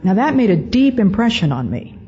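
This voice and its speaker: An older woman giving a storytelling talk to an audience, speaking in a measured, deliberate way with frequent pauses. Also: medium pitch, big pitch swings, warm tone, a little hiss or hum. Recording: dull lo-fi recording.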